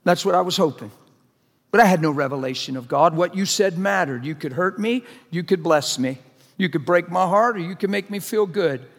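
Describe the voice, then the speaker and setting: Speaking at normal speed in a voice that sits high for a man, a middle-aged preacher gives a loose, conversational, jokey sermon. He keeps pressing the congregation with questions, and a large hall's long reverb rings around him.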